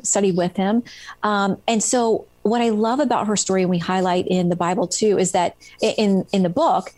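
A woman's voice: medium pitch, darkish tone, no room sound. A middle-aged woman, a guest author in an interview, retells stories earnestly and with animation, with plenty of "um"s, in a dry-sounding recording. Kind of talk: conversational storytelling interview.

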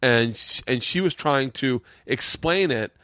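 A male comedian hosting a relaxed podcast from his home man cave, swearing freely as he rambles through road stories. His voice sits at an ordinary middle pitch, and the room sounds close and dry, with no echo. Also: a little slow. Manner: profane, rambling, acts out what people said. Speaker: podcast host and stand-up comedian. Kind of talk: casual chat, storytelling.

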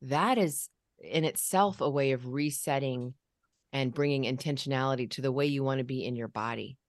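A woman's voice: a bass voice, normal speed, no room sound, clean studio sound. A woman in casual conversation, coaching parents and demonstrating ways of speaking.

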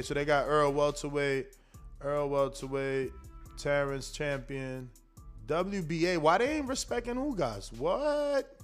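A man's voice: fairly high pitch, gravelly. A man hosting a boxing talk show, chatting casually and reading out rankings with stumbles and restarts. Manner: rambling, reads rankings aloud with stumbles. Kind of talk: casual chat.

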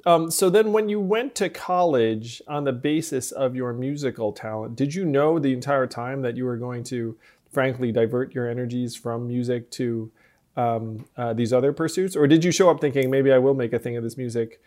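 A man hosting a podcast, asking measured, thoughtful questions with occasional hesitations. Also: mid-range voice, darkish tone. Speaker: podcast host. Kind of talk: interviewing a guest.

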